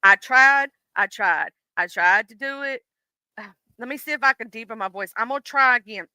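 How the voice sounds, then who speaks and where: A woman's voice: a little high, moderate pace, bright, forceful tone, smooth, no echo, poor audio. A woman with a Southern US accent hosting a casual livestream, talking bluntly and with plenty of swearing to her chat. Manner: blunt, profane, talks straight to chat. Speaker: livestream host.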